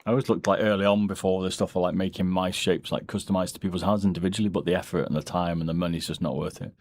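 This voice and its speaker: Brief: low-pitched male streamer, relaxed and rambling, casual chat with viewers. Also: fast. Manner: relaxed, rambling, answers chat between asides. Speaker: streamer and mouse modder. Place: home, during a live stream.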